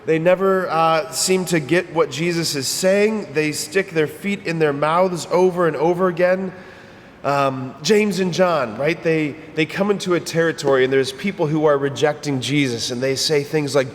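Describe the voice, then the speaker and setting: A man's voice: fairly high pitch, normal speed, big-room sound, slight background noise. A male priest giving a homily in a conversational, emphatic way, often repeating his phrases.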